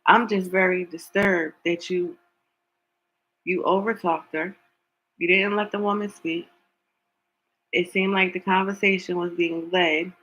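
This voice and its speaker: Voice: mid-range voice, fairly even intonation, a little slow, pauses often, a bit bright, low-quality recording. A tarot reader giving an opinionated commentary, talking emphatically, repeating words for stress and asking pointed rhetorical questions.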